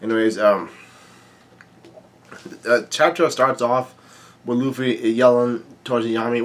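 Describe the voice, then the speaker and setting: A man's voice: medium pitch, steady tone. Coughing man recapping a manga chapter. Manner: halting, stumbles and restarts often. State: bad cough. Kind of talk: casual read-through commentary.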